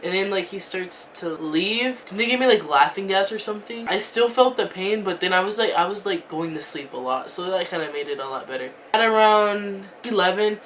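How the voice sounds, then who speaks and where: A woman's voice: mid-range voice, animated, fairly quick, hardly any pauses, fairly bright tone, recorded from a distance, a little hiss or hum. A teenage girl telling a storytime vlog, chatty, filling her talk with "like" and "um". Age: teens. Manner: chatty, lots of "like" and "um", laughing asides. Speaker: vlogger.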